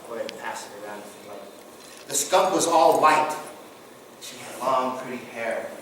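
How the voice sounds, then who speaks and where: A man's voice: medium pitch, normal speed, a bit bright. A man presenting to a live group, telling traditional stories in a folksy, interactive way and asking the audience questions. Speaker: guest presenter on tribal culture. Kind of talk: storytelling talk to a group. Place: large echoey room with an audience. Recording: echoey, noisy room from far off.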